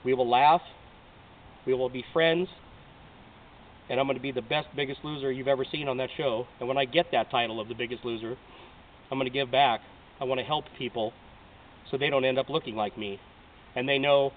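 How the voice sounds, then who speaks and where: A man's voice: medium pitch, steady tone, brisk, pauses often, distant mic. A man in his late thirties from Oregon, pleading earnestly and emotionally in a heartfelt audition video. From Oregon, United States. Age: 30s. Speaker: reality show applicant. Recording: tinny lo-fi audio from off-mic, faint hiss.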